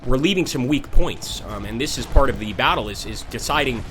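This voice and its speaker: A man's voice: medium pitch, expressive, a little fast, noisy background. A young American man hosting a casual game commentary, chatty and full of fillers as he reads chat and calls the action. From United States. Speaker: gaming channel host. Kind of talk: casual let's-play commentary.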